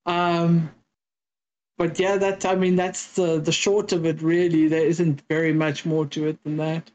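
A woman's voice: deep voice, flat delivery, unhurried, a little mellow, lo-fi sound. Casting note: South African woman, talkative interview guest who slips into quoted voices. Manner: chatty storyteller, acts out exchanges with quoted voices. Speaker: podcast guest. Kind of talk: casual interview chat.

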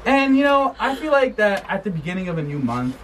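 A man's voice: high voice, big pitch swings, brisk, noisy background. A young man hosting a student podcast, chatting in a playful, rambling and jokey way. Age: young adult. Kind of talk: casual chat.

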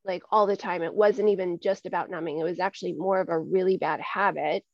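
A woman's voice: fairly low pitch, steady tone, a little fast, creaky, dry recording. A woman in her forties talks openly as an interview guest, earnest and repeating words while she finds her way. Her voice is close and dry, with no room around it. The recording is dull and lo-fi. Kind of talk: candid conversational interview.

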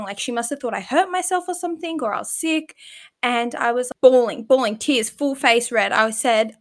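A woman's voice: a little high, normal speed. A woman, co-hosting a podcast and telling stories in a chatty way with frequent laughs. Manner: chatty storyteller, laughs often. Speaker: podcast co-host. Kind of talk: casual chat.

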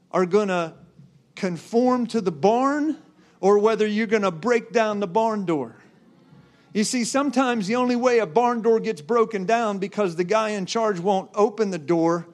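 A man preaching a sermon, driving his points with repeated rhetorical questions to the congregation. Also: high voice. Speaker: pastor.

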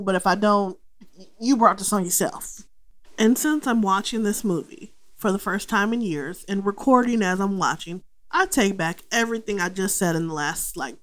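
A young adult woman hosting a casual movie podcast, talking in an animated, profane way and acting out the characters' lines. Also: mid-range voice. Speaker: podcast host.

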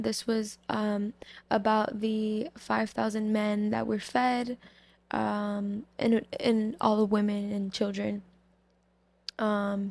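A woman giving a casual devotional talk, reflecting slowly and haltingly on scripture with many fillers. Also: a little high, gravelly, a little mellow, no echo. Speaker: Bible study speaker.

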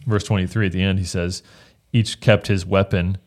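Male pastor, low voice, earnest scripture chat, reads verses aloud with frequent restarts. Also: flat delivery, moderate pace. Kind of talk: casual Bible discussion.

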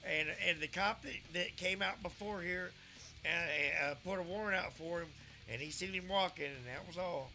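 A man hosting a podcast, retelling a story in a profane, animated way and quoting himself often. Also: high-pitched, moderate pace, slight background noise. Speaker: podcast host. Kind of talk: casual storytelling chat.

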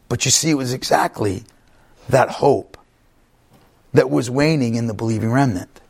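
A man's voice: mid-range voice, moderate pace, creaky, pauses often, darkish tone, slightly rough. A man pastor preaching an emphatic sermon, often checking in with the congregation. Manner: emphatic, repeats himself, asks the congregation "right?".

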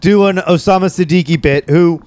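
A man's voice: sits high, moderate pace, darkish tone, no echo. A man hosting a podcast in casual banter, crude and profane, tossing out provocative jokes. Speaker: podcast host.

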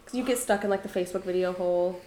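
Relaxed young woman chatting. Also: on the low side, rapid-fire, reverberant. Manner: relaxed storytelling with "like" fillers. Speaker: podcast co-host. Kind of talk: casual chat.

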